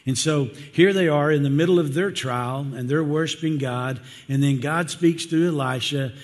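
A man's voice: fairly high pitch, moderate pace. A male pastor giving a sermon in a conversational, earnest way, often asking the congregation questions. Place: church sanctuary. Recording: long church-hall reverb.

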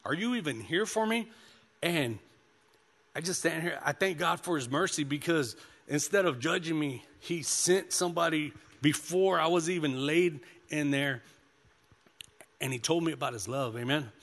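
A pastor with a slightly high, somewhat bright, creaky voice preaches at a moderate pace. He weaves scripture reading together with personal testimony in a relaxed way, dropping plenty of "you know" and "man." A long hall reverb trails his words.

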